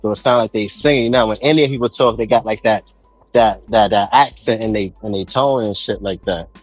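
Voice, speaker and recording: A man's voice: fairly low pitch, no room sound, lo-fi sound. Man, New York accent, casual chat, repeats himself, faint music behind. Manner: talks in rapid restarts, repeating himself.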